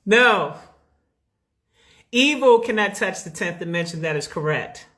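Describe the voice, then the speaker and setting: A woman's voice: fairly low pitch, lively intonation, unhurried, a bit bright. A woman chatting casually on a live stream from her home loft, calling her viewers babies and honey. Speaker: livestream host.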